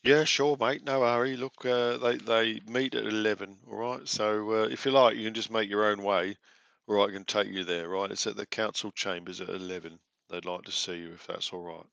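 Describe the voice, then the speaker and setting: A man's voice: fairly low pitch, fairly even intonation, normal speed, vocal fry, a bit bright, dry recording, lo-fi sound. A man voicing a cheerful, slangy young male squire sent as a messenger. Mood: cheery. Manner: cheery, slangy, says "right" a lot.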